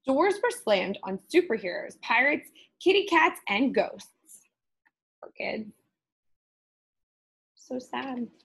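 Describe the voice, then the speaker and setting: Expressive woman reading a storybook aloud. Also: a little high, slow, creaky, long pauses, slightly rough, rough recording. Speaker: teacher. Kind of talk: reading a picture book aloud.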